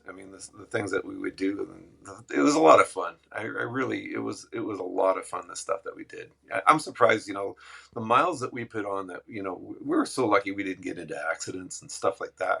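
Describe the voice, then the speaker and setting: A man, a musician guest, casually telling animated road stories and acting out the people in them. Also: on the low side, gravelly, breathy edge. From Western Canada. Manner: animated, laughing anecdotes with acted quotes. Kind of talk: casual storytelling.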